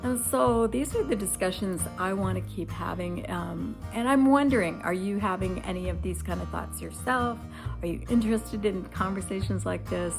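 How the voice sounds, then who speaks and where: Gravelly-voiced woman in her seventies. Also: mid-range voice, moderate pace, music in the background. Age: 70s. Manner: candid, reflective, conversational. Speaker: lifestyle vlogger. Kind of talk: casual personal vlog talk.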